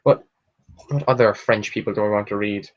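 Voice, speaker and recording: A young man hosting a casual live book chat from home, chatty and excitable, swearing freely and squealing with delight. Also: fairly low pitch, fairly quick, highs cut off. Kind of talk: casual livestream chat, reading out viewer questions. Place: at home, sitting in a chair.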